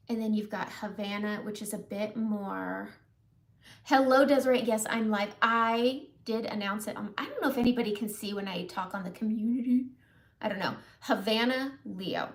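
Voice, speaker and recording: Casual female livestream host, gravelly edge, friendly shop-talk pace, greets the chat. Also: mid-range voice, moderate pace. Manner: chatty, greets viewers while applying makeup. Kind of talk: casual live makeup demo.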